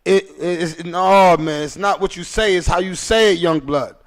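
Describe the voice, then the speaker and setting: A man recalling a firm older cellmate who hands out advice in a repetitive, lecturing way. The voice is high and gravelly. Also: normal speed. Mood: advising.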